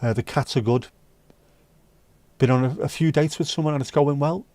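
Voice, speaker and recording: A man chats and jokes with his live stream viewers in a loose, bantering way. His voice is mellow and relaxed, recorded close and dry. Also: on the high side, normal speed, no room sound. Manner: chatty, joking, banters with chat and sings snatches. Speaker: livestream host reading chat. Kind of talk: casual chat.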